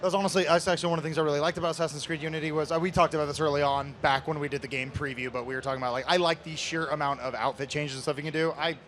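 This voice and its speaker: A man's voice: on the high side, fairly even intonation, rapid-fire, hardly any pauses, fairly bright tone, a little hiss or hum. A man co-hosting a live convention stream, talking with rambling enthusiasm. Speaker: co-host. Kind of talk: casual live event chat.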